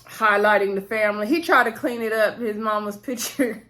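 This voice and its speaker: A woman's voice: mid-range voice, moderate pace, pushed and bright. A young woman talking casually to her viewers, chatty and full of fillers as she recaps a TV episode.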